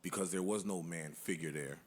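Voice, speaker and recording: A man on a discussion panel who pushes back on the others and talks in quick rushes. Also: low voice. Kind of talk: panel debate.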